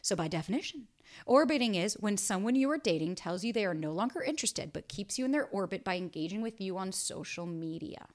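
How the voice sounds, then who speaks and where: A woman's voice: medium pitch, animated, fairly quick. A woman in her thirties hosting a casual solo podcast, talking bluntly and emphatically and swearing freely. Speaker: podcast host and dating coach.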